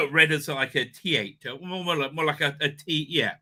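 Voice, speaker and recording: A man's voice: on the high side, moderate pace, hardly any pauses, sharp tone. A man hosting a live online show, chatting casually and rambling with many fillers, restarts and laughs. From Israel. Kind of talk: casual live-stream chat.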